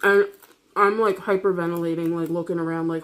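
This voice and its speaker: A woman's voice: on the low side, fairly even intonation, brisk, a bit bright. A woman vlogger telling a personal story in casual chat, rambling, swearing freely and laughing often.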